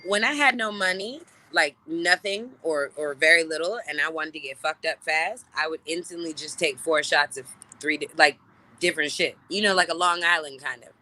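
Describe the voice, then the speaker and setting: A woman in her thirties, a guest telling stories in a casual, profane way and acting out quoted lines in loud, high voices. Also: normal speed. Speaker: celebrity guest. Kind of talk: casual storytelling chat.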